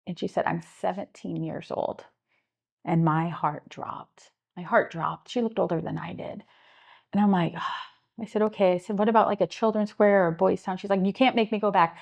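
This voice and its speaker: A woman's voice: lowish voice, moderate pace, vocal fry. Earnest Midwestern woman telling a story. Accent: Midwestern American. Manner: earnest, animated retelling with acted-out quotes. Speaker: guest, homeless services director. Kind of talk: interview storytelling.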